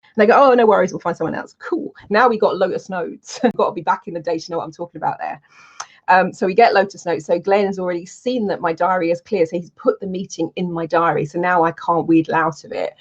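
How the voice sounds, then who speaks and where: Animated woman telling stories. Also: on the low side, fast talker. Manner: animated, acts out her own voice in anecdotes. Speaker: public speaking coach. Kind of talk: casual storytelling to camera. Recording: dull lo-fi sound.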